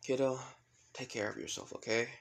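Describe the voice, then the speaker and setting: A man voicing a playful father figure who gently teases, in a fan-made story retelling. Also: mid-range voice, normal speed, gravelly, close to an everyday voice. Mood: teasing. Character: teasing fatherly man, jokes about grandchildren.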